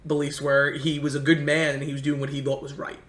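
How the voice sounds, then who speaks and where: A man's voice: fairly high pitch, monotone, fast talker, a bit bright. A man from the United States telling rambling, earnest travel stories in a casual chat. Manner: earnest, rambling anecdotes with many restarts. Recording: echoey room.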